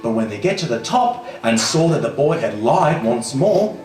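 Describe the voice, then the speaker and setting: At a small live venue, a comic storyteller tells stories in a theatrical, camp manner, giggling often, with a medium-pitched, darkish, sing-song voice at normal speed. The recording is echoey with music, and he's far from the mic.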